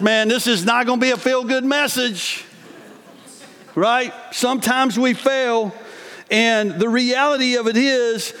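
An extremely high, somewhat bright voice belongs to a pastor delivering a sermon. Reading scripture aloud, he drifts into earnest, chatty asides, and the recording carries a long hall reverb.

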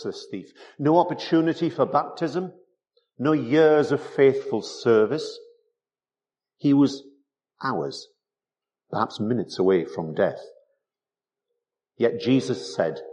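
A man's voice: fairly low pitch, a little mellow. A man preaching a sermon, emphatic and full of rhetorical tag questions.

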